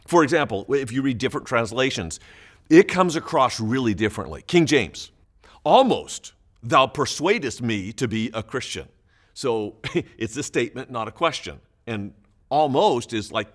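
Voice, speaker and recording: A man's voice: mid-range voice, fairly bright tone. A man pastor giving Bible teaching for small groups, explaining emphatically with occasional chuckles.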